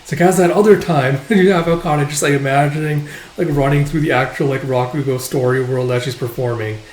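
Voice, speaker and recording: Casual male manga-channel host, chatty and loose, slightly high voice, roomy sound. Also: steady tone, fairly quick, darkish tone, a little hiss or hum. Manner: chatty, filler-heavy. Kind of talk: casual video commentary.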